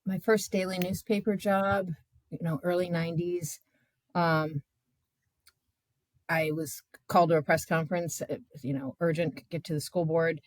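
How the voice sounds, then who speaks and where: A woman in her fifties, a journalist guest, telling her own stories in a candid, animated way with many filler words. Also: lowish voice, a little slow, dry recording. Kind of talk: candid conversational storytelling.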